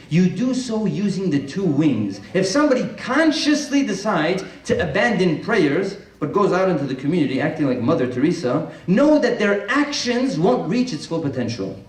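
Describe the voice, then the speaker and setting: A man's voice: fairly high pitch, darkish tone. A man preaching an impassioned sermon, retelling stories with emphatic rises in his voice. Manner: impassioned, rising to emphatic peaks. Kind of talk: sermon with retold dialogue. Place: large mosque hall. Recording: echoey hall, distant mic.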